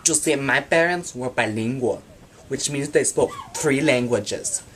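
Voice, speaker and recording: A man telling absurd comic stories about his free time in a deadpan monologue. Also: mid-range voice, measured pace, a little hiss or hum. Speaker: vlogger.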